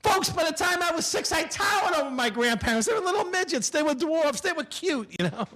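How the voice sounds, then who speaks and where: A male stand-up comedian telling punchy, animated stories about his Italian-American family. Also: extremely high pitch, a little fast.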